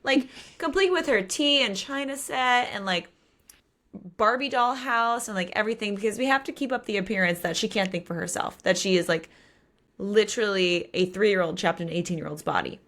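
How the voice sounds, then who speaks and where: A woman's voice: medium pitch, brisk, a bit bright. A woman co-hosting a podcast, casually recapping a novel's plot in a chatty way. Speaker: podcast co-host. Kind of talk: casual book discussion.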